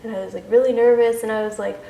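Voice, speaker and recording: A woman's voice: fairly high pitch, steady tone, fast, vocal fry, mellow. A young woman chatting casually as co-host, giggling often and filling her talk with "like". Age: young adult. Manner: giggly, uses "like" a lot. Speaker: co-host telling a couple's story. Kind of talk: casual chat. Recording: echoey room.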